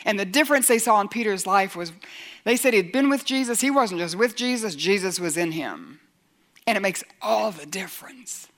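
An earnest woman preaching a sermon. Her voice sits in an ordinary middle pitch. She acts out the objections of doubters and builds to forceful emphasis.

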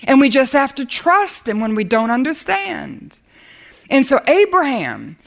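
A woman delivers a sermon in an earnest, emphatic voice that sits a little high for a woman. At moments she drops into a quiet hush to make a point. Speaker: Bible teacher.

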